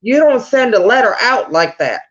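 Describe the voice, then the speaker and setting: A woman's voice: a little high, big pitch swings, moderate pace, a bit bright. Female guest, firm and insistent, on dull lo-fi remote line. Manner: firm, insistent, repeats her point. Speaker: guest, victim's mother. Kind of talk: livestream interview.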